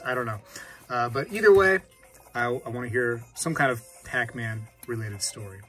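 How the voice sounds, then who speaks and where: A man hosting a casual hobby vlog, chatting and reacting out loud while he plays a game. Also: mid-range voice, very animated, fast talker, breathy edge, faint music behind. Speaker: coin-collecting channel host.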